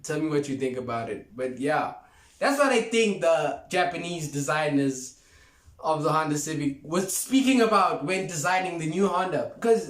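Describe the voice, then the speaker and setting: Young male car vlogger, emphatic, repeats himself, slightly high voice, echoey room. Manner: emphatic, repeats points, laughs often. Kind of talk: casual car review vlog. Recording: roomy echo.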